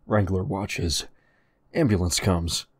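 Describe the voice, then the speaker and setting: A man reading crude, profane stories aloud in a deadpan narrating voice. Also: sits low, slow pace, husky, dry recording, clean studio sound. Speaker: storyteller.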